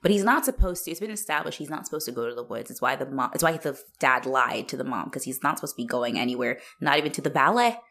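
A woman's voice: extremely low pitch, expressive, fast talker, creaky, few pauses, fairly bright tone. A woman co-hosting a casual film chat, recapping the plot with frequent laughter and casual swearing. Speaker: podcast co-host.

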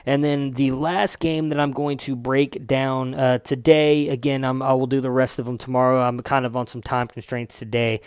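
A man's voice: medium pitch, flat delivery, normal speed, few pauses, clean tone, no room sound, studio quality. A man giving a loose, chatty solo recap of fantasy football results, swearing now and then and correcting himself as he goes.

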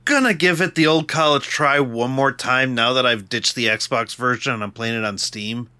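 A man's voice: medium pitch, normal speed, bright, forceful tone, clear, resonant tone, no echo. A man co-hosting a podcast in a laid-back, self-deprecating way, chuckling as he talks. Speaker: podcast co-host. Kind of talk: casual podcast chat.

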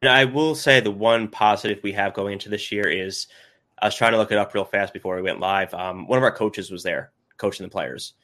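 A man's voice: lowish voice, brisk, fairly bright tone. A man appearing as a podcast guest, explaining his player analysis in chatty detail during a casual sports conversation.

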